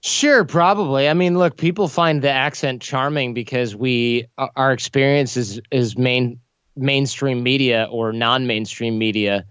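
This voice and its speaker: A man's voice: medium pitch, unhurried, a bit bright, clear, resonant tone, no room sound. A man guesting on a podcast, talking casually in a blunt, joking way. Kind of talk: casual interview chat. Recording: dry, slightly dull lo-fi audio.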